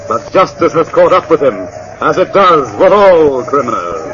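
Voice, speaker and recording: An actor with an Australian accent playing a stern, mysterious unseen avenger who speaks slowly and solemnly, in 1940s radio acting style. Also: male voice, on the high side, sing-song. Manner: slow, solemn, commanding. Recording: dull old radio transcription with clear hiss.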